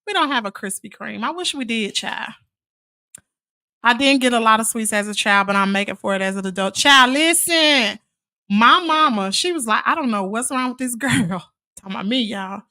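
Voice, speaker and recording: A woman's voice: fairly high pitch, lively intonation, moderate pace, bright, forceful tone, no echo, clean studio sound. A woman from Mississippi, hosting a casual live chat with viewers in a chatty, sassy way. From Mississippi, USA. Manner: chatty and sassy, calls viewers "child" and "honey". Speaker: live stream host.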